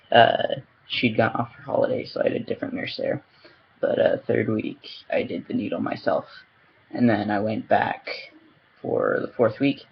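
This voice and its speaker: A man's voice: fairly low pitch, creaky. A man giving a casual video diary update from a room at home, talking in a rambling, hesitant way with many ums, into a headset microphone. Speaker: vlogger. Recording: slightly dull lo-fi sound.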